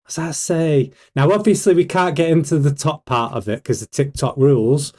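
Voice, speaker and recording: A man's voice: a little high, moderate pace, a little mellow. A British man hosts a casual livestream in a hyped, rhetorical way. He keeps throwing questions at his viewers and pushes the pace. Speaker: livestream host.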